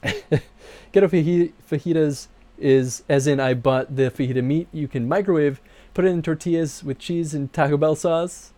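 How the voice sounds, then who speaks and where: A man's voice: normal speed, no room sound. Chatty male streamer, dry sound. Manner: chatty, laughs often, voice jumps high when excited. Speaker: streamer and game producer. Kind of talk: casual livestream chat over game credits.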